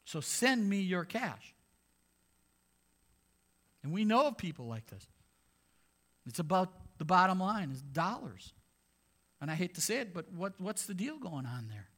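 A man's voice: high voice, big pitch swings, normal speed, a bit bright. Man preaching a conversational sermon. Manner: conversational preaching with sarcastic asides. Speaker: pastor.

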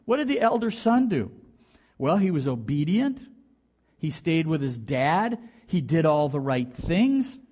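A man preaching a sermon, talking through a Bible story and acting out the quoted lines with a lifted, louder voice. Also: measured pace. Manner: animated preaching, acts out quotes with rising pitch. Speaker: pastor.

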